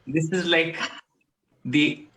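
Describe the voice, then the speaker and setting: A man playing a silly robot-like alien probe on Earth in a live improv scene, beeping and booping between halting sentences. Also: a little high, steady tone, sharp tone, roomy sound, poor audio.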